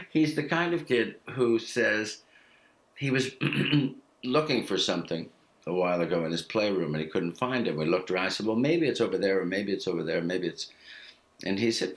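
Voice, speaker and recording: An American man in his fifties, chatting over a video call from his home studio, laid-back, self-mocking and quick to laugh. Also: fairly low pitch, fairly bright tone. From United States. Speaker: guest actor. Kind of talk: casual chat.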